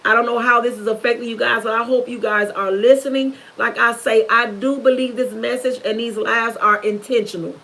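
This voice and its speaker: A woman's voice: fairly high pitch, steady tone, brisk, creaky, hardly any pauses, bright, forceful tone, low-quality recording. A middle-aged woman, giving a fervent, preachy testimony on a livestream, repeating herself for emphasis. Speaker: YouTuber.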